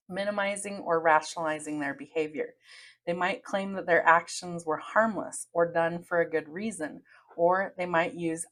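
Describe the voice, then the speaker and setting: A woman hosting a podcast, talking in an earnest, steady, advice-giving monologue. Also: low-pitched. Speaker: podcast host.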